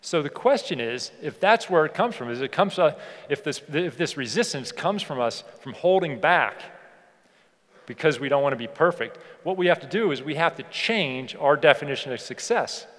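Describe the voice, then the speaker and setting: Male keynote speaker, fairly high voice, punchy and repetitive, miked on stage in a large hall with long reverb. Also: normal speed. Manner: energetic, emphatic, repeats phrases for effect. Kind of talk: motivational keynote speech.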